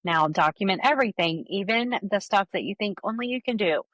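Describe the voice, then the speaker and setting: A woman's voice: medium pitch, animated, a little fast, fairly bright tone, no echo. A woman co-hosting a casual business podcast, candid and reflective with wry asides. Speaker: podcast co-host.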